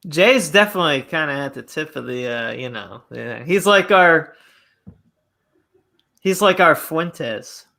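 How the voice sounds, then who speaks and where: Bright-voiced man on a call. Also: a little high, expressive, a little slow, creaky. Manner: laughs often, banters loosely. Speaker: podcast host. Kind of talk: casual chat on a video call. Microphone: video call.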